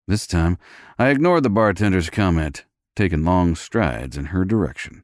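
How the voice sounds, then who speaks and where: A man's voice: low-pitched, expressive, moderate pace, no room sound, studio quality. A man reading a first-person romance audiobook with a gritty, tough-guy delivery. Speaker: audiobook narrator.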